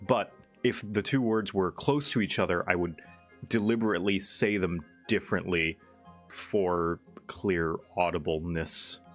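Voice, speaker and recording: A man's voice: sits low, measured pace, faint music behind. A man streaming and chatting casually, explaining things in a rambling way with fillers. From Thailand. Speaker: streamer host. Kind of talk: casual chat.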